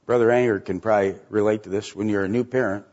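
A middle-aged man preaching a sermon in a conversational way, asking rhetorical questions and jumping up in pitch to stress a point. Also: fairly even intonation, fast talker, darkish tone, dull audio. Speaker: pastor.

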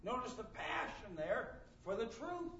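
In a sermon, a man preaches forcefully, reads scripture aloud and performs the quoted dialogue of the figures in his stories. His voice sits high and bright with big pitch swings and an unhurried pace, while the audio has its highs cut off and a little hiss or hum.

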